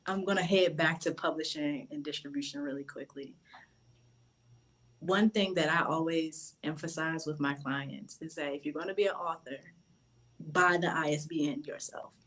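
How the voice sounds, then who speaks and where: A woman's voice: deep voice, a bit bright, low-quality recording. A woman publishing consultant on a panel, giving emphatic, instructive advice. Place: video call.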